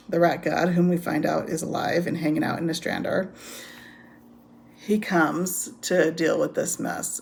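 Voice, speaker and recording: A woman's voice: low voice, gravelly, darkish tone, a little hiss or hum. A woman giving a casual, rambling recap of a book's plot, with frequent ums and laughter. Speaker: book reviewer. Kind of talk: casual spoken book recap.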